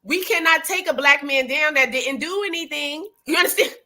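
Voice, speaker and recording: A woman co-host speaking bluntly, with plenty of profanity and animated emphasis. Her voice is high and bright. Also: normal speed. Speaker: podcast co-host. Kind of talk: casual chat.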